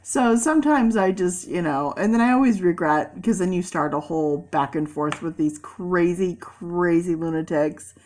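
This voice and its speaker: A woman vlogging in a casual, animated storytelling way, acting out people in quoted voices and laughing often. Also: on the low side, normal speed, hardly any pauses, a little hiss or hum.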